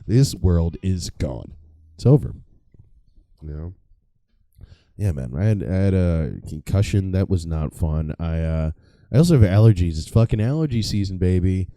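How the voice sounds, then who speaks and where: A man's voice: low-pitched, expressive, normal speed, warm tone, no echo. A young man doing a casual, profane comedic monologue, rambling and mocking himself. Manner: rambling, profane, self-mocking, laughs at own jokes. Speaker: comedy podcast host.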